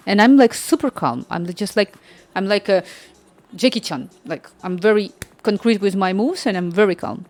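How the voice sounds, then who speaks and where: A woman vlogger telling a story in casual non-native English, acting out the people in it with lively quoted voices. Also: mid-range voice, normal speed, faint music behind. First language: not Spanish.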